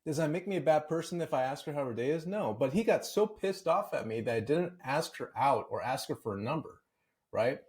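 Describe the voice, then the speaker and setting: A man's voice: on the high side, animated, brisk. Candid man telling dating stories. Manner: candid, storytelling, conversational. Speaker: podcast guest. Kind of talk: casual interview chat.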